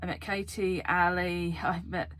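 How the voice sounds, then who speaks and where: A woman card game YouTuber from the UK, talking fast and excitedly to camera in a casual vlog, laughing often. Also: on the low side, no echo. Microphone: camera facing her.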